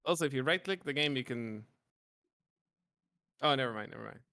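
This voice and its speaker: A man's voice: medium pitch, lively intonation, a little fast, vocal fry, sharp tone, dry recording, studio quality. A man in casual gaming voice chat, patiently walking a friend through setup step by step. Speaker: player helping a friend set up game mods.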